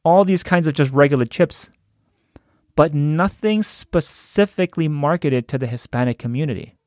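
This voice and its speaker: A man's voice: fairly high pitch, moderate pace, darkish tone, dry recording, studio quality. A man in a conversational storytelling talk who chuckles as he goes. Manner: conversational, chuckles while telling.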